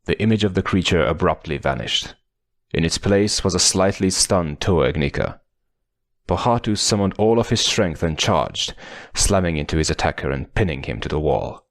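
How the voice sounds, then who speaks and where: A man reading an adventure audiobook as narrator, in a measured, dramatic storytelling manner. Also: sits low, expressive, dry recording, studio quality. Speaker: audiobook reader.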